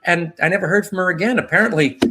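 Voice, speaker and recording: A man in his sixties, a guest telling rambling, lively stories in a casual interview. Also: fast. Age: 60s. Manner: rambling storyteller with lively pitch.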